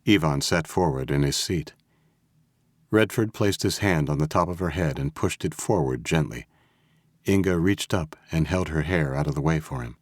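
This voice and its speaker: Very deep-voiced male narrator. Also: normal speed, no echo. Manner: steady, even storytelling. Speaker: audiobook narrator. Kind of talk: scripted narration. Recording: dry close studio audio.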